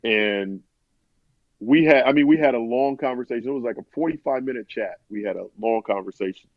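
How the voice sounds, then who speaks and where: A man's voice: medium pitch, a little fast, no room sound. Man telling a long story, dry sound. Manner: rambling, many restarts, quotes others in his own voice. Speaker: sportswriter guest. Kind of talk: conversational storytelling. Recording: dull, dry podcast audio.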